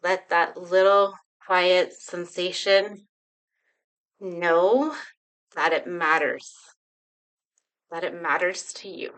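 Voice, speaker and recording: Woman, bright voice, gentle repetitive guidance, leads viewers through healing breathwork at home. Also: fairly low pitch, clean tone, rough recording. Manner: slow, soothing, repetitive guidance. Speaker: healing coach. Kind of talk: guided emotional healing exercise.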